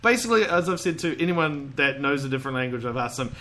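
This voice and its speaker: Bright-voiced rambling male podcast host. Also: on the high side, lively intonation, quick pace. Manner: rambling, chatty, swears casually, laughs often. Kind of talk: casual chat.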